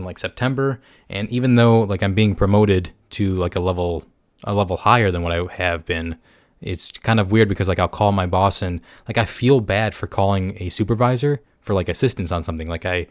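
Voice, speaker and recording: A man's voice: low-pitched, no echo, studio quality. A young man hosting a casual solo podcast, rambling and joking at his own expense, with lots of "like". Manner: rambling, self-mocking, lots of "like". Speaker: podcast host.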